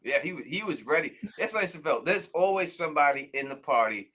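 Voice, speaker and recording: Animated, bright-voiced male host. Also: fairly high pitch, a little fast. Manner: animated, laughing, acts out characters. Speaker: show host. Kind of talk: casual live-stream chat.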